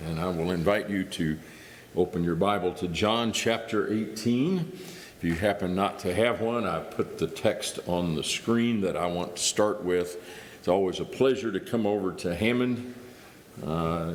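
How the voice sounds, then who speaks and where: Low-voiced man preaching in a reverberant hall. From Indiana. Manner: conversational, thinking aloud with restarts. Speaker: guest preacher. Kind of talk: sermon. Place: church hall.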